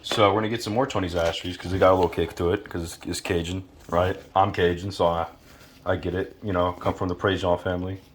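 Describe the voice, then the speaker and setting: In a noisy home kitchen with food frying in a pan, a Louisiana man talks fast in a low, steady voice. He's a home cook giving a casual tutorial, laid-back, swearing freely and tossing in jokes.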